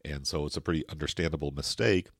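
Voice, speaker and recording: A man co-hosting a casual film discussion, retelling scenes in a relaxed way with many fillers. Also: a bass voice, fast talker, creaky, no room sound, studio quality. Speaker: podcast co-host.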